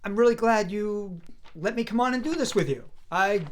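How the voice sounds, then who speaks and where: Relaxed rambling man in his fifties. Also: sits high, moderate pace. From US East Coast. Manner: relaxed, rambling, self-deprecating. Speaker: voice actor guest. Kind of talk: casual remote interview. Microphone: video call.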